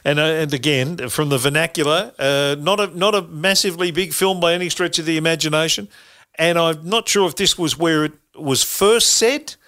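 Bright-voiced middle-aged man. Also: a little high, smooth. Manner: rambling with many fillers and restarts, laughs easily. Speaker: podcast host. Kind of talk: casual podcast chat.

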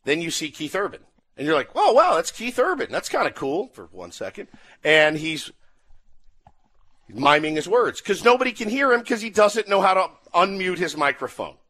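Male radio host, excitable storyteller, voice sits a bit high. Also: normal speed. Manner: excitable, acts out quotes, laughing. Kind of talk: casual chat, animated storytelling.

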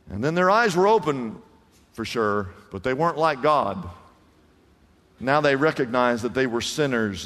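A man preaching a sermon as pastor, animated, swinging from loud declarations to hushed words. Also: mid-range voice, long reverb tail.

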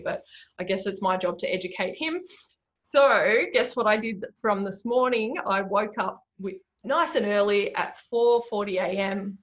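A woman hosting a solo business podcast, chatting casually with lots of fillers. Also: mid-range voice. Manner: chatty, animated, many fillers like "you know" and "like". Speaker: podcast host, bookkeeping business owner.

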